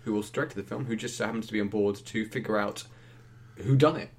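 A man's voice: on the low side, fairly even intonation, fast. A man co-hosting a film review podcast, talking casually with frequent restarts and laughter. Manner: rambling, restarts often, laughs easily.

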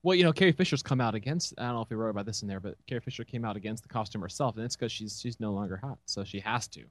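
A man's voice: fairly low pitch, racing, dry recording. A man co-hosting a comedy podcast, cracking jokes and chiming in. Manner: wisecracking, interjecting. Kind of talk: casual comedic podcast banter.

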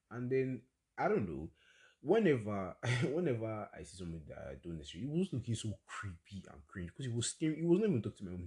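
A young man with a Nigerian accent hosting a casual solo storytelling podcast, chatty and exclamatory with quick asides. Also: fairly low pitch, darkish tone. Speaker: podcast host.

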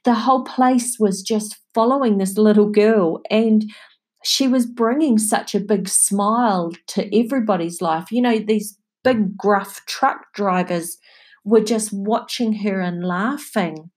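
A middle-aged woman hosting a podcast, sharing personal stories in a chatty, heartfelt way and laughing softly now and then. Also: medium pitch, measured pace. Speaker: podcast host. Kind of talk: reflective personal talk.

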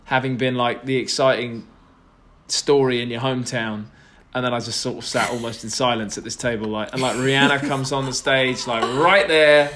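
A man's voice: medium pitch, little pitch movement, moderate pace, sharp tone, a little hiss or hum. Rambling young man telling stories. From Britain. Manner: rambling, self-deprecating storytelling with many restarts. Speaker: guest. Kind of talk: casual chat.

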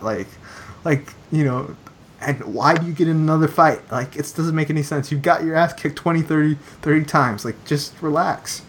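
A man's voice: on the high side, normal speed, a little hiss or hum. A young man in casual chat, rambling with many fillers and repeated phrases.

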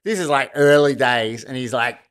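A man's voice: medium pitch, moderate pace, a bit bright, clear, resonant tone. A man telling a fight story in a casual chat, swearing and laughing often. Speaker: guest, martial arts fighter.

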